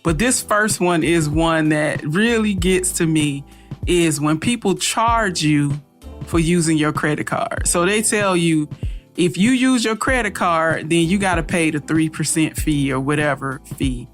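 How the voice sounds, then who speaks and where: A woman's voice: sits low, measured pace, faint music behind. A woman co-hosting a business podcast, giving firm, practical advice in a casual tone and laughing easily. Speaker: podcast co-host.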